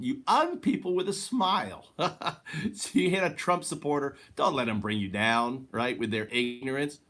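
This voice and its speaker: A vlogger with a medium-pitched, slightly bright voice rambles through a casual video from his own house. He laughs often and tags his sentences with "right?", and it's recorded indoors on a handheld camera.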